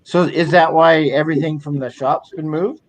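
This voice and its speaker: A man's voice: fairly high pitch, steady tone, normal speed. A man co-hosting a casual chat, easygoing and agreeable. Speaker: co-host.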